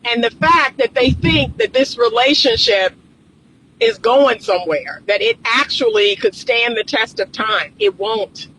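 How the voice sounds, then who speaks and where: A woman's voice: on the high side, unhurried, a bit bright, a little hiss or hum, low-quality recording. A woman relationship coach giving reaction commentary, emphatic and lecturing, repeating her points.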